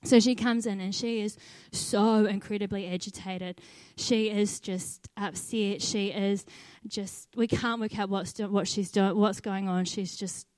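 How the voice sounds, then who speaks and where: A young adult woman who leads a volunteer team gives a personal testimony, earnestly recounting a faith story about volunteering and laughing at herself now and then. Her medium-pitched, darkish voice runs a little slow with fairly even intonation and few pauses, recorded without echo.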